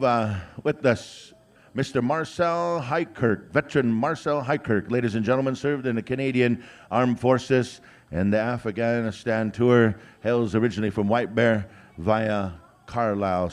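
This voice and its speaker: Joking male powwow emcee. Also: on the low side. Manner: drawn-out announcing of names, many "uh" fillers, joking asides. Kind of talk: live announcing with jokes. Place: outdoor powwow grounds.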